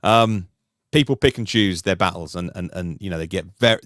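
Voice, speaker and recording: A man talking through a podcast discussion in an animated, rambling way, with many restarts. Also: deep voice, fairly quick, dry recording, clean studio sound. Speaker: podcast host, guest panelist.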